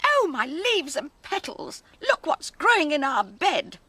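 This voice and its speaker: A woman's voice: high-pitched, huge pitch swings, measured pace, bright, forceful tone, voice pushed up, full character voice. A woman voicing a group of proud, snobbish lilies in a children's storybook tale, pompous and shrieking. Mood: outraged. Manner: pompous, shrieking, sing-song. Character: snooty haughty female lilies, proud and shrill.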